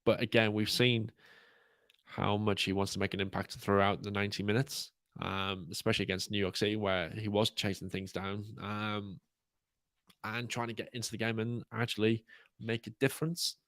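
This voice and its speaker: A man hosting a fan podcast, chatting in a relaxed, rambling way with lots of ums. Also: lowish voice, moderate pace, dry recording. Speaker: podcast host. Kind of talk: casual podcast chat.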